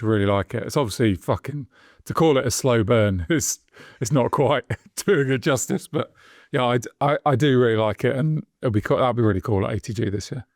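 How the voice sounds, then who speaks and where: A man's voice: medium pitch, dry recording. A man co-hosting a podcast, answering in casual, dry and wry chat. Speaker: podcast co-host.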